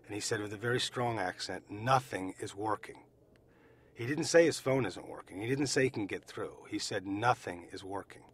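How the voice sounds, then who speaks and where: An American man recounting his own experience as an eyewitness, speaking deliberately and repeating phrases for emphasis. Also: medium pitch, expressive, husky. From United States. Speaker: eyewitness survivor. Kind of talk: personal testimony.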